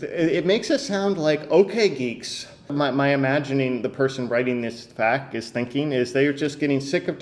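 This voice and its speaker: A man's voice: medium pitch, a little mellow. A man hosting a podcast, picking apart a text with disbelief, stumbling over restarts and fillers as he goes. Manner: hesitant, many restarts and fillers, incredulous. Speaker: podcast host. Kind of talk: casual podcast rant.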